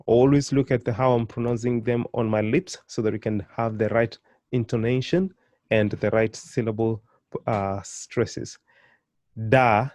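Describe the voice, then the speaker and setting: Male language teacher, slow and mellow, patiently drills syllables and encourages learners. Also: medium pitch, no room sound. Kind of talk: beginner pronunciation lesson.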